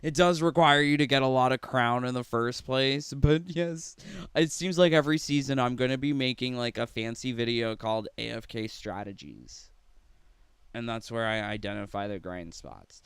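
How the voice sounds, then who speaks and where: Chatty man with a smooth voice. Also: mid-range voice, moderate pace, a bit bright, no room sound. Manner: chatty and rambling, laughs often between remarks. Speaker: gaming streamer. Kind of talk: casual chat with live viewers.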